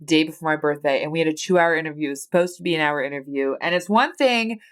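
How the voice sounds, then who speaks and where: Woman, 30s, American accent, solo podcast host; slightly low voice, candid, rambling, teary with a stuffy nose. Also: fast. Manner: candid, rambling, swears casually. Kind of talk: personal solo podcast chat.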